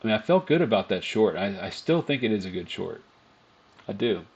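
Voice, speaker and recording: Gravelly man cursing over live trades. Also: fairly low pitch, fairly quick, muffled recording. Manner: swears often, groans and mutters at the market; calms himself down out loud. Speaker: day trader streaming live. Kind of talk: live trading commentary.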